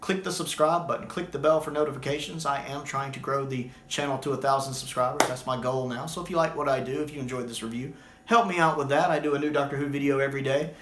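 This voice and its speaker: A man ranting through a casual video review in an animated, exasperated way. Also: medium pitch, fast talker, roomy sound, slight background noise.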